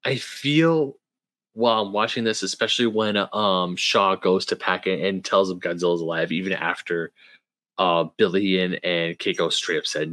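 A man co-hosting a casual TV review podcast, often acting out characters' lines in animated voices. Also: deep voice, moderate pace, no echo. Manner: acts out quotes in animated voices. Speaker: podcast co-host.

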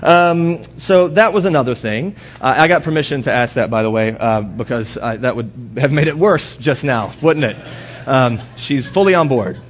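A man's voice: moderate pace, slight background noise. A young man giving a casual sermon in a church, telling personal stories and mimicking arguments in a raised voice. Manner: animated storytelling, mimics quarrels in a high voice. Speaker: guest speaker. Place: church hall.

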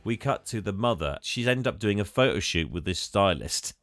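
A man's voice: fairly low pitch, expressive, moderate pace, fairly bright tone, dry recording, soft background music. A man casually retelling a film's plot on a podcast, laughing often and hamming up the characters' lines. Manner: laughs often, acts out characters in exaggerated voices. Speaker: podcast co-host. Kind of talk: casual film recap chat.

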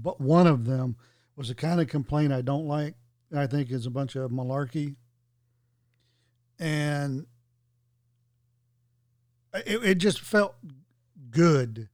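Man, casual chat, halting delivery, fillers, dry close sound. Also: on the high side, a little mellow, no echo.

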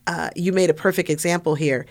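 A woman's voice: fairly low pitch, fairly even intonation, fairly quick. A woman, an army veteran turned chaplain, speaks as an interview guest. Her delivery is earnest and emphatic. She circles back to phrases to drive them home.

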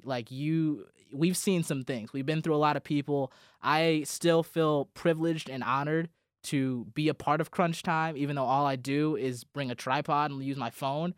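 A man's voice: on the high side, smooth, dry recording, studio quality. A young man, a college radio host, giving a heartfelt, rambling farewell speech to his colleagues on air, with many restarts. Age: young adult.

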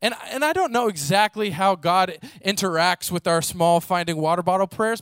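A man preaching a sermon, telling stories in a lively way and acting out the people in them. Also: high voice, moderate pace, smooth, dry recording. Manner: animated storytelling, acts out voices, casual fillers.

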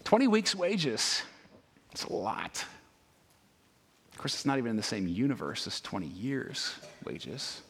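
Animated conversational preacher man. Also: medium pitch, a little slow, long pauses, husky. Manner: conversational, animated, many rhetorical "right?" asides. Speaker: pastor. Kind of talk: sermon.

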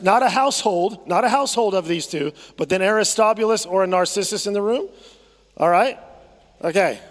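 A man's voice: sits high, long reverb tail. A man preaching a sermon as pastor, conversational, often repeating phrases and asking the congregation to respond. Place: church sanctuary.

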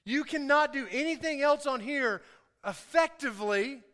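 High, bright-voiced male preacher. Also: moderate pace. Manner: lively, joking, calls for audience response. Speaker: pastor. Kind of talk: sermon. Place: church hall. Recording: echoey hall.

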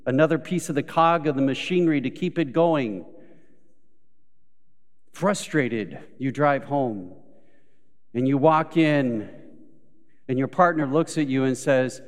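Unhurried male pastor in a reverberant church. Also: mid-range voice. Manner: storytelling with acted quotes, rising to emphatic peaks. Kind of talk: sermon. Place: church sanctuary. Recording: live church recording with long hall reverb.

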